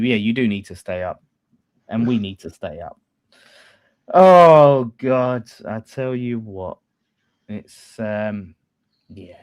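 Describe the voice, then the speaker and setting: A man hosting a casual football fan chat, animated and swearing freely, swinging between loud bursts and quiet asides. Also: fairly low pitch, smooth. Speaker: fan channel host.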